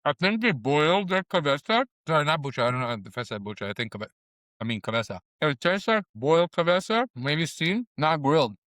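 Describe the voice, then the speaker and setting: A man's voice: a little high, big pitch swings, fairly quick, a bit bright, dry recording. A middle-aged man vlogging casually about tacos, rambling and swearing as he eats and talks through his grief, close to tears. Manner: profane, rambling, shifting between eating noises and sad confession. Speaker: food vlogger and comedian. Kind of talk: casual food review vlog. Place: on camera at a taco restaurant.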